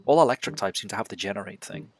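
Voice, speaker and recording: A man's voice: lowish voice, racing. A man streaming a game who chats casually, swears freely, laughs often and thinks aloud. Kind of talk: casual gameplay chat. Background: game music.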